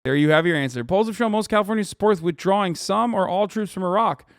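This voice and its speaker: A male streamer reacting to a clip in casual, offhand commentary, swearing now and then. His voice is smooth and clear, and it sits close and dry on a streaming mic. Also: high-pitched, quick pace, no room sound. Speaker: streamer host.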